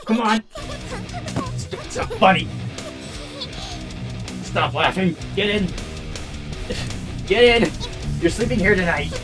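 A woman's voice: mid-range voice, animated, unhurried, pauses often, over music. A woman streaming a VR game, casually commentating in a bossy, exasperated way, close to a desk microphone at home. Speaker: VTuber streamer. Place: home room, playing standing in VR.

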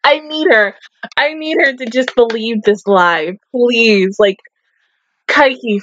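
Expressive high-voiced woman reacting. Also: muffled recording, slight background noise. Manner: expressive, swearing, laughing, loud outbursts. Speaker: anime reaction youtuber. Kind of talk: casual reaction and review.

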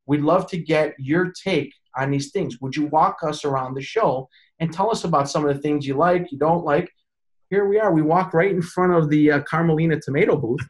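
With a fairly high-pitched, brisk voice, this man, who works as a pizza chef and consultant, recounts stories in a relaxed interview. He animatedly imitates the voices of anyone he quotes.

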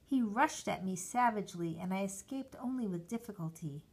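A woman reading a short story aloud, slowly and deliberately, giving the characters' lines their own voices. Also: medium pitch, lively intonation, husky. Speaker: reader.

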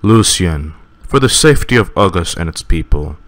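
Man playing a deep-voiced, cold tyrant king in a fantasy game. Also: expressive, moderate pace, fairly bright tone. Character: cruel arrogant male tyrant king.

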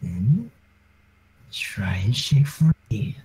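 A man playing a sneering game demon, unhurried and taunting. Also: medium pitch, very animated, darkish tone. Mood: mocking. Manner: mocking, unhurried. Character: sneering male demon villain. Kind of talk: voicing game dialogue over a voice chat.

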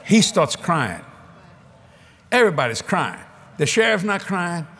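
A male evangelist tells stories from the pulpit in a lively, folksy way, stumbling and restarting as he goes. His voice sits a little higher than most men's. He is on a convention stage and speaks into a microphone for the congregation. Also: a little slow, a little hiss or hum. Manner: folksy, animated storytelling with repeated restarts. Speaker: evangelist preacher. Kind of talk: storytelling sermon.

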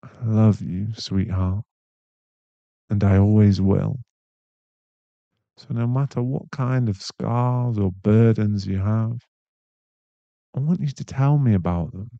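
A young man in a whispered role-play, voicing a caring, protective boyfriend who speaks softly and reassuringly, with a gravelly voice. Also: fairly low pitch, no echo, lo-fi sound. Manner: soft, reassuring, slow-spoken. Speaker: ASMR voice actor.

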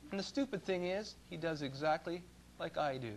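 A middle-aged man from Canada preaching a sermon in a church, telling folksy stories and swinging between loud emphasis and low asides. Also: normal speed, slight background noise.

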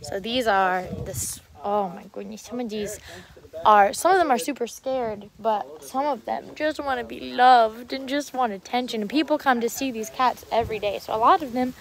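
A woman's voice: a little high, normal speed. Chatty woman cooing at cats. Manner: gushing, coos sweetly at cats. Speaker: livestreaming vlogger. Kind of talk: casual live walkthrough. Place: outdoor animal sanctuary.

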